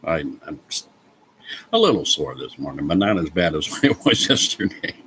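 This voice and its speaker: A man's voice: rumbling low, big pitch swings, normal speed, a bit bright, slight background noise, low-quality recording. A man chatting casually with live viewers, telling a rambling story, chuckling often and swearing freely at home.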